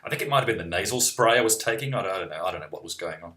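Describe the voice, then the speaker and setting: A man's voice: low voice, lively intonation, rapid-fire, pushed and bright. A young man from New Zealand, rambling and wry, chatting casually while reading out viewer questions on a live stream. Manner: rambling, self-interrupting, wry.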